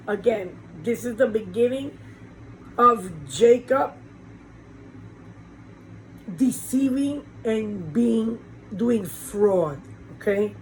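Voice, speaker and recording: Speaking a little high, a woman pastor delivers an informal sermon conversationally, posing rhetorical questions. A fan runs in the small warm room she's in, and the rough recording carries slight background noise.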